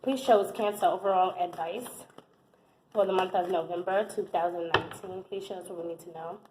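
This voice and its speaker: A young American woman giving a casual tarot reading in an animated, exclamatory way, often repeating her phrases. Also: on the low side, fairly quick, slight background noise. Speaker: tarot reader. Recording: echoey room.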